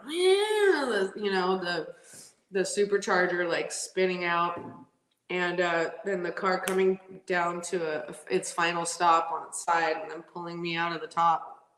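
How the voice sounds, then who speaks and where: A woman's voice: lowish voice, reverberant, poor audio. A woman drag racing driver telling stories in a casual interview, laughing often and acting out what people said. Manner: animated, laughs often, acts out quotes.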